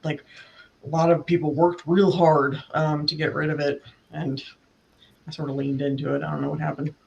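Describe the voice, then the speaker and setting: A man's voice: a little high, level tone, normal speed, gravelly, a little mellow, dull audio, slight background noise. A man with a Southern US accent, chatting and opining on a group call. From the American South. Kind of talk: casual group chat.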